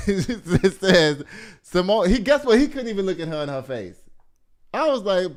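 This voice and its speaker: Sassy, animated gossip host. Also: male voice, high-pitched, normal speed. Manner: animated, sassy, laughs often, addresses listeners as y'all. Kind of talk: casual gossip news commentary.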